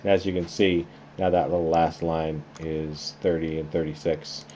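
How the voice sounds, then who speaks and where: A man teaching a class through a software tutorial, talking casually and thinking aloud as he works. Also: a bass voice, moderate pace. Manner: relaxed, conversational, thinking aloud while clicking. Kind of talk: screen-recorded software tutorial. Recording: slightly dull lo-fi sound with faint noise.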